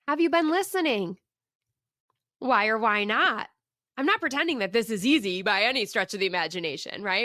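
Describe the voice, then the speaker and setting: Animated woman podcast host, higher voice. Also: dry recording, studio quality. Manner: animated, emphatic storytelling with reflective questions. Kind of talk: personal storytelling monologue.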